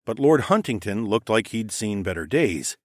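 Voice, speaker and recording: A man's voice: on the low side, very animated, normal speed, no echo, studio quality. A man narrating a fantasy audiobook in the first person, conversational and wry with casual swearing.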